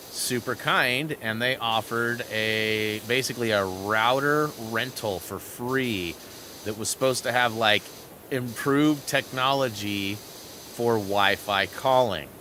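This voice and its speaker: A man with a fairly low voice hosts a gaming channel, speaking into a headset mic with slight background noise. He's an animated, rambling storyteller who talks over gameplay and reads chat aloud as he goes.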